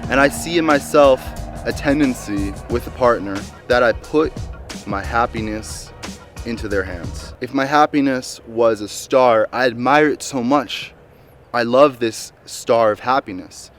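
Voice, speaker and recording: A man's voice: medium pitch, a little slow. Earnest man musing over music. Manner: earnest, swings between calm musing and bursts of excitement. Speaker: vlogger. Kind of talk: reflective storytelling vlog. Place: outdoors in a park.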